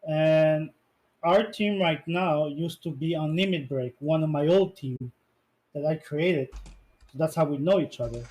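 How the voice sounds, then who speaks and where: Higher-voiced man, casual interview answers. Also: a little slow, darkish tone, poor audio. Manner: rambling, searches for English words. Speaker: esports player being interviewed.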